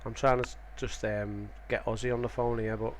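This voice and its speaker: A man's voice: fairly low pitch, level tone, a little fast, a little hiss or hum. Chatty Australian man, rambling streamer. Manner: chatty, rambling, self-interrupting. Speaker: sim racing streamer. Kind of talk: casual live-stream chat.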